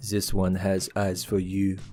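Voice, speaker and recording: A man's voice: completely flat delivery, a little slow, darkish tone, soft background music. A man doing a drunk man's sly whisper. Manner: low, confiding whisper.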